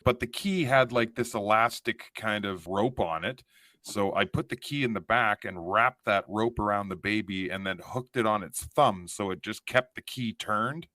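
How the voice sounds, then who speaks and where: A man's voice: lowish voice, moderate pace, pushed and bright, no echo. A man hosting a podcast, chatting casually with laughs and self-deprecating digressions. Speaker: podcast host. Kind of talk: casual conversational interview.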